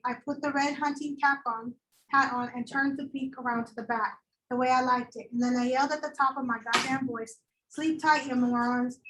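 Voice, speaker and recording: A woman teaching a high school English lecture, chatty and animated, acting out quoted voices as she explains. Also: a little hiss or hum, poor audio. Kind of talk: classroom lecture.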